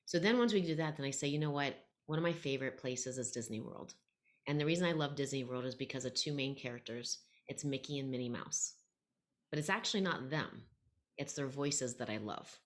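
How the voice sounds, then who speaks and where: Middle-aged teacher lady, super low voice, chatty and lively in an interview. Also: brisk. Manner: animated storytelling, acts out quoted voices. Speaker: guest, educator. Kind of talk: podcast interview conversation.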